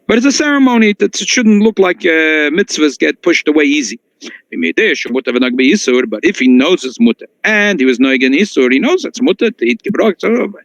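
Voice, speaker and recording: Gravelly, animated rabbi teaching a lesson. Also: male voice, moderate pace, dry recording. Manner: animated, jumps high in pitch for emphasis, frequent restarts. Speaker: rabbi teaching a halacha class. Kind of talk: text-based Torah lesson, reading and explaining. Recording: dull lo-fi dry recording.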